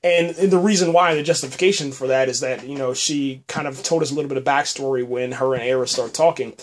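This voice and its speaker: Guy rambling thru an episode recap on his podcast, lots of you know and man, normal pitch. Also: fast talker. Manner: rambling, filler-heavy, repeats words, says "man" often. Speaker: podcast host reviewing a TV episode. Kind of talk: casual spoken review.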